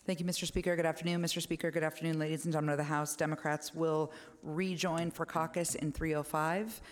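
Woman, legislator, polite formal announcement, even tone, echoey chamber. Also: low-pitched, fast. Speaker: state legislator. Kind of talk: brief floor announcement. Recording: echoey hall from a chamber mic.

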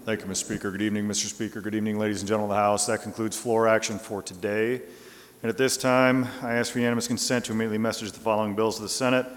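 A man, a state representative, making formal motions and reading lists of bill numbers in a brisk, businesslike way in a large chamber. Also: fairly low pitch, level tone. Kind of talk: formal motions in a legislative session. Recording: long echo of a large chamber.

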